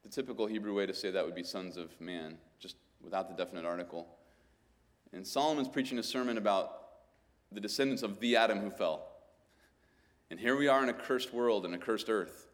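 A man's voice: on the low side, brisk. A man preaching a sermon, teaching through scripture verses and building up to emphatic, exclaimed points.

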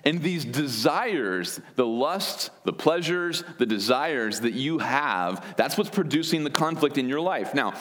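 Male pastor, mid-pitched, earnest verse-by-verse sermon delivery. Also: lively intonation, unhurried, few pauses, a bit bright. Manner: earnest teaching with word studies and wry asides. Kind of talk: expository sermon.

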